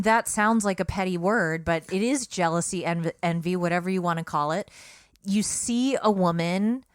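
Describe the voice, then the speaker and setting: A woman's voice: medium pitch, dry recording, clean studio sound. A woman co-hosting a podcast in casual, earnest discussion, speaking emphatically with frequent restarts. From Britain. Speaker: podcast co-host.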